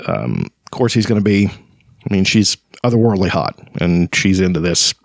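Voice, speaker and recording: A man casually talking through a fantasy novel, rambling and halting with many fillers, sometimes reading passages aloud. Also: low voice, big pitch swings, creaky, no room sound. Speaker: podcast host discussing a fantasy novel. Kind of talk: casual book discussion with read-aloud passages.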